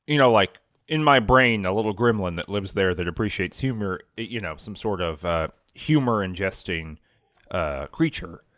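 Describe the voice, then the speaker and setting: A man's voice: low-pitched, animated, moderate pace, fairly bright tone, no room sound, studio quality. A man co-hosting a podcast, chatting casually about a video game in a rambling, playful way. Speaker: podcast co-host. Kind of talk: casual gaming chat.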